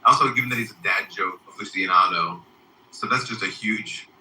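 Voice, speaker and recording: Low bright-toned man ribbing people. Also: fairly quick, reverberant, distant mic, a little hiss or hum, low-quality recording. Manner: mocking, teasing banter. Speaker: voice chat room host. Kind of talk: casual online voice chat.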